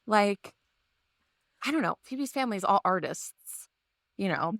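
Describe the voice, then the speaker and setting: A woman's voice: medium pitch, expressive, a little slow, fairly bright tone, no echo, studio quality. A woman co-hosting a podcast, talking in a rambling, hedging way in casual chat. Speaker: podcast co-host.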